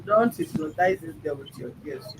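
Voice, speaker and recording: Male mediator, high voice, firm and probing, traffic noise behind. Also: lively intonation, moderate pace. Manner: firm, probing, repeats questions. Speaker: mediator host. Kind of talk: questioning a child in a family dispute.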